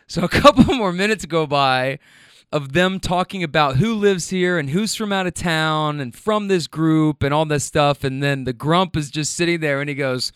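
A man spins a long, animated story about passengers from his rideshare job, laughing often and slipping into their voices as he quotes them. His voice is a touch higher than most men's and comes through smooth and clear. The sound is dry and close, with no room around it. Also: moderate pace, no room sound. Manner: animated, laughs often, acts out other people's lines. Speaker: podcast host telling a rideshare story. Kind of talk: casual storytelling monologue.

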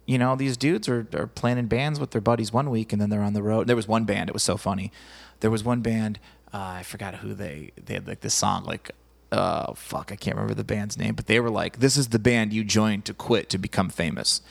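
Man, podcast host, gravelly, rambling profane stories, casual chat. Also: lowish voice, fairly even intonation, brisk. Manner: rambling, profane storytelling with loud acted quotes.

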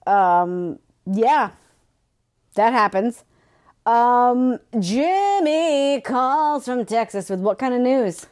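Higher-voiced woman, mocking book chat. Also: lively intonation, extremely slow, darkish tone. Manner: joking, mocking, swears, playful asides. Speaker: podcast co-host. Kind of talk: casual chat recapping a book.

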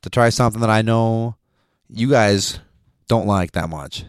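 A man's voice: lowish voice, unhurried, smooth, dry recording. A man co-hosting a casual beer-tasting podcast in a studio, cracking puns and laughing often. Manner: jokey, punning, laughs often. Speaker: podcast co-host. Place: recording studio.

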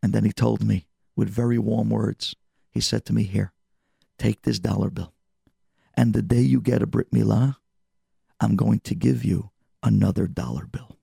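A man voicing a frail, devout old man, very raspy. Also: fairly low pitch, completely flat delivery, normal speed, a little mellow, no room sound, studio quality, exaggerated voice. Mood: tender. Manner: heartfelt, emotional storytelling. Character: elderly male immigrant, frail and devout.

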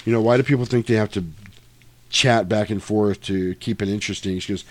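A man's voice: fairly low pitch, steady tone, brisk. A man in casual chat, retelling a film scene, acting out the dialogue and swearing freely.

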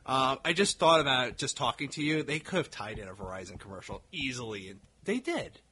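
A man's voice: medium pitch, very animated, a little fast, pushed and bright, slight background noise. A man chatting casually as a podcast co-host, rambling with swearing and laughing at his own jokes. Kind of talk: casual chat.

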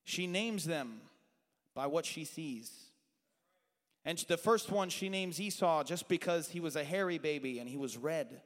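A man preaching a sermon, animated and shifting between loud shouted praise and soft asides to the congregation. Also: a little high, a little slow. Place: church sanctuary. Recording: long hall reverb.

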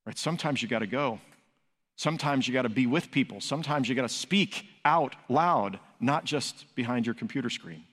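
A man's voice: mid-range voice, animated, normal speed, fairly bright tone. A man preaching a sermon as pastor, emphatic, building to raised peaks and asking rhetorical questions. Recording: long hall reverb.

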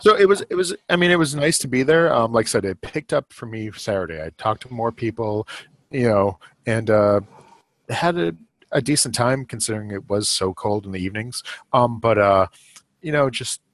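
A man's voice: medium pitch, expressive, normal speed, no echo. A middle-aged man hosting a podcast, chatting casually in a rambling way with lots of fillers and chuckles. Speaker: podcast host. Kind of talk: casual chat.

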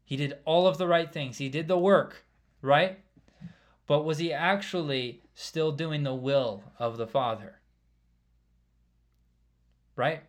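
A man's voice: on the high side, takes it slowly, long pauses. A man preaching a casual sermon, talking conversationally and checking in with the listeners by asking "right?" again and again. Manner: conversational, keeps asking "right?", drops quieter for asides.

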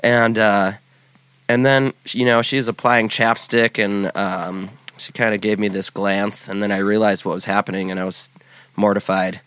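A man in his forties telling a personal story in casual chat, halting often with restarts and fillers. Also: fairly low pitch, steady tone, fairly bright tone, clean tone, dry recording. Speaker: podcast guest.

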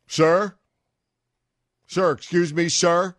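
A male radio host voicing a stern, formal state trooper in a story, booming and clipped. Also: lively intonation, measured pace, fairly bright tone, no echo, studio quality.

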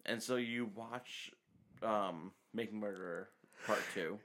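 Bright-voiced man rambling through a point. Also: on the low side, slow. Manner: rambling, searching for words. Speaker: podcast co-host. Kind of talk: casual chat.

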